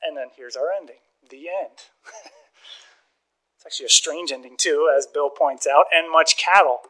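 Bright-voiced animated male preacher. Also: a little high, normal speed, rough recording. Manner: animated storytelling, acts out dialogue, chuckles often. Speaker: pastor. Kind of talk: sermon.

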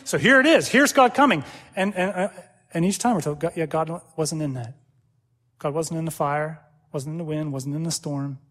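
Animated high-voiced male preacher in a hall. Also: moderate pace. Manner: animated, acts out quoted prayers and dialogue, laughs often. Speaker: pastor. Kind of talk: sermon. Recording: long hall reverb.

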